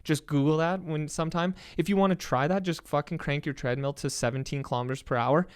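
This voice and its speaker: A young Canadian man, a podcast guest, telling a story in an excited, casual way with a lot of swearing. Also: on the high side, fast talker, clear, resonant tone.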